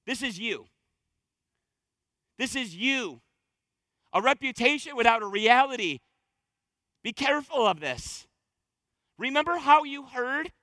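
High-voiced fervent male preacher. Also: lively intonation, measured pace, long pauses, pushed and bright, no room sound. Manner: fervent, repetitive exhortation with rising intensity. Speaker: pastor. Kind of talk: sermon. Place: church stage.

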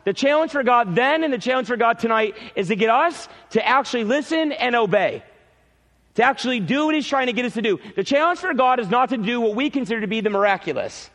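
A male pastor preaching a sermon in a church, emphatic, repeating key phrases and swinging between loud peaks and quiet drops. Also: extremely high pitch, animated, quick pace, in a large hall.

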